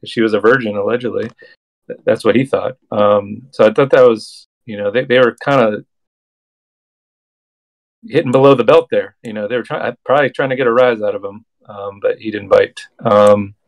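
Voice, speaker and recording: A man co-hosting a scripture study show, comparing verses in a relaxed, conversational way. He pauses on frequent ums between points, at a middle pitch. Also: poor audio. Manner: relaxed, many ums, reads passages aloud. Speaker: podcast co-host. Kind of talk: casual scripture discussion with read-aloud verses.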